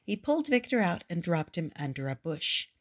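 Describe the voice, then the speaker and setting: An older woman reading a children's picture book aloud in a gentle, expressive way. Her voice sits low, with a husky, breathy grain. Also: normal speed. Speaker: storyteller.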